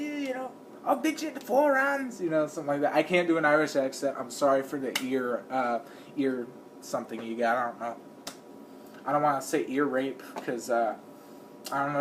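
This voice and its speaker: A man's voice: medium pitch, a bit bright, a little hiss or hum. A man giving casual commentary in a rambling way, full of fillers, and acting out the people he describes. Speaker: video creator.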